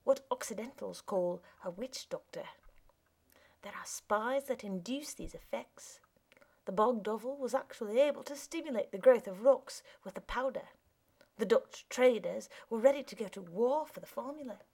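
A woman's voice: fairly high pitch, normal speed, vocal fry, mellow. A woman voicing a courteous foreign new boy who talks in formal, polite phrasing and tells far-off tales. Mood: storytelling.

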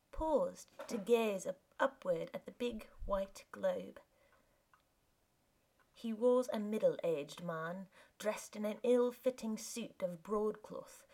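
A woman narrating a period story in a measured, hushed storytelling voice. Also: mid-range voice, vocal fry.

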